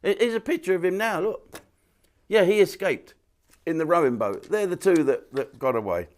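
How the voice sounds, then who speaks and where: A man's voice: high-pitched, expressive, moderate pace, darkish tone. An older man, a comedian talking casually to camera with a clip-on mic, rambling and telling jokes. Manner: chatty, rambling, joke-telling. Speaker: comedian and host.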